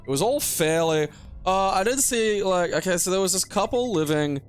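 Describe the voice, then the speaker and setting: A young Australian man with a high, smooth, animated voice at normal speed tells a rambling, profane anecdote while casually chatting over a game playthrough, laughing often. Faint music plays behind this let's-play storytelling.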